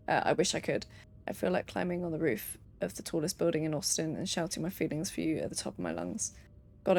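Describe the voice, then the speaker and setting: A woman's voice: fairly low pitch, creaky, darkish tone, a little hiss or hum. A young woman streaming a game, reading letters and notes aloud with playful asides.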